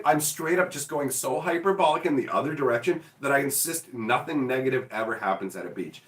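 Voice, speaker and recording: Man host, loose chatty rambler, laughs a lot, animated pitch, roomy far-off mic. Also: fairly quick, few pauses. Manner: rambling, laughs often, lots of "like". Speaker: card game channel host. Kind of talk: casual chat. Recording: echoey room, mic at a distance.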